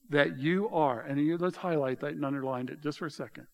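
A man preaching a sermon in a conversational, animated way, swinging from loud to quiet. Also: fairly high pitch, moderate pace, hardly any pauses. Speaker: pastor.

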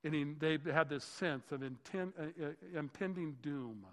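A man's voice: on the high side, a little slow. A man preaching a sermon as a pastor, enthusiastic and often exclaiming in wonder. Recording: long reverb of a large hall.

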